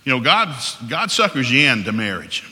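A man in his sixties with a Southern US accent, preaching a joking, folksy sermon quickly in a large church hall. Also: mid-range voice, very animated, pushed and bright, a little hiss or hum. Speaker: pastor. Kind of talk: humorous sermon.

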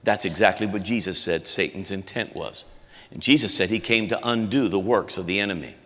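Preaching man in a reverberant hall. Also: brisk. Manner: dynamic preaching, swinging between loud emphatic and low quiet lines. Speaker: pastor. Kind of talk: sermon.

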